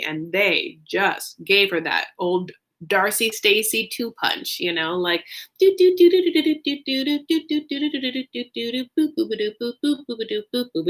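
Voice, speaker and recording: A woman's voice: mid-range voice, a bit bright. Chatty woman hosting a live stream. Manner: chatty, peppered with "like", answers viewer comments. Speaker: recap show host. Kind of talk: casual livestream chat.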